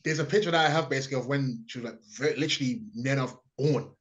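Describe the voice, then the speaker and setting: British male wrestler, halting and laughing, bright voice on a dull recording. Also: medium pitch. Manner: warm-hearted, halting, laughs between phrases. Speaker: guest, pro wrestler. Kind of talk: casual interview chat.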